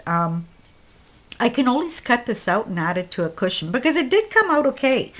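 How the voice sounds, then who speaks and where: A woman's voice: on the low side, a bit bright. Breathless, rambling woman vlogger. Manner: rambling, hesitant, many fillers and restarts. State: short of breath. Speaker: crafting vlogger. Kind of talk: casual show-and-tell vlog.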